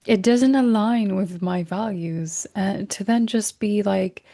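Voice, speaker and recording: A woman hosting a recorded self-help workshop. She speaks gently and reflectively, corrects herself mid-sentence, and drops into soft whispers on key words. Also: medium pitch, slow pace, creaky. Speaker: workshop host.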